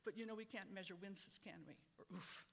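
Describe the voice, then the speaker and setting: A middle-aged law professor from Wisconsin giving prepared panel remarks in a wry, measured, reflective way. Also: medium pitch, gravelly, big-room sound.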